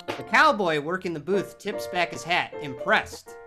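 A narrator telling a horror audio drama in a vivid, scripted storytelling style, voice pitched in the middle but very animated. Music plays clearly behind the narration. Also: unhurried. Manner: vivid, storytelling delivery with sound-effect shouts.

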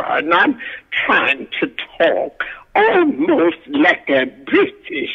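A woman's voice: lowish voice, wildly swooping pitch, extremely slow, vocal fry, husky, narrow, tinny audio. An older woman, a guest actress and singer, telling stories from her career in a folksy, country-spoken way. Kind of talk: casual storytelling interview.

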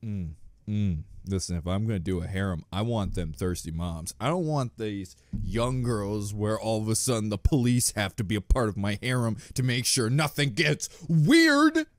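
A man rambling through reaction commentary with lively swings in pitch and crude, self-mocking jokes. He often laughs at himself between remarks. The sound is dry and close, with no room around it. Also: moderate pace, dry recording. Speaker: reaction channel host.

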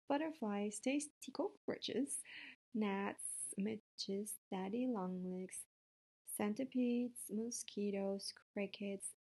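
A woman voicing a calm, clever female spider in a storybook read-aloud, matter-of-fact and measured. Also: mid-range voice. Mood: listing.

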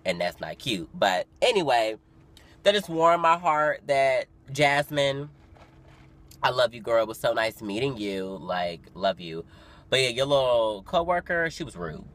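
A young man of nineteen vlogging casually, chatty and dramatic, full of fillers and sudden loud, excited storytelling. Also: mid-range voice, unhurried. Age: young adult. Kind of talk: casual vlog talk to camera. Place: parked car. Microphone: phone camera.

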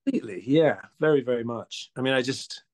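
A guest actor chats in a casual interview, his medium-pitched male voice moving quickly. With a mixed accent that leans partly Australian, he's lively, stumbling into restarts, laughing, and mimicking voices.

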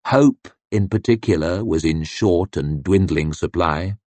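A man reading an audiobook narration with expressive, varied delivery. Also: deep voice, unhurried, no echo. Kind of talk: scripted fantasy narration.

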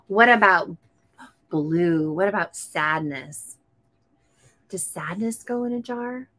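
A woman's voice: fairly low pitch, slow, sharp tone. A woman reading a picture book aloud to a young child, coaxing him with questions and breaking into gasps and exclamations. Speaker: storytime host.

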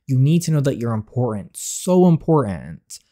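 A calm, gentle young city architect, read by a man. He speaks softly and reassuringly, with a lively rise and fall in pitch. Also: moderate pace, lightly acted. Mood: tender.

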